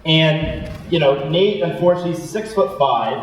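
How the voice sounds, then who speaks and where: A man's voice: on the high side, a little hiss or hum. Young guy giving a keynote, chatty self-mocking stories, sounds far off in a big echoey hall. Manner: animated, self-deprecating storytelling with quick asides. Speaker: startup founder giving a talk. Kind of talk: storytelling keynote talk. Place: large lecture hall.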